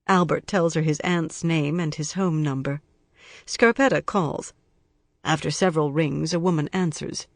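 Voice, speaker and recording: An audiobook narrator reading a crime novel in an even, measured storytelling manner. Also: mid-range voice, dry recording, clean studio sound.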